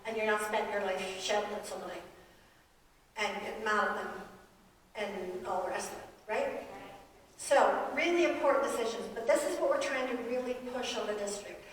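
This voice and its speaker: A feisty, animated woman in her sixties, a pastor's wife giving a guest sermon in a church, often laughing as she talks. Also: medium pitch, fairly quick, slight background noise. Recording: echoey hall, mic from far off.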